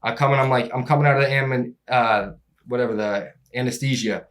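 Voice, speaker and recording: A young man telling a long story in casual chat, animated and laughing, acting out the people in it. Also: mid-range voice, brisk. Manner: animated, acts out voices in his story, laughs often. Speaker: podcast guest telling a story.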